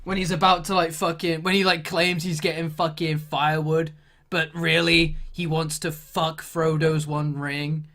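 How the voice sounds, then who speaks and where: A woman's voice: deep voice, flat delivery, a little slow, fairly bright tone. A woman delivering a sweary, exasperated comedic rant.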